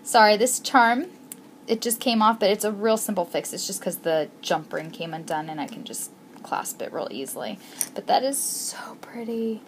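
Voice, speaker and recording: A woman's voice: medium pitch, steady tone, normal speed. A woman vlogger unboxing a crafting package, gushing with gasps and exclamations. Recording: noisy home recording.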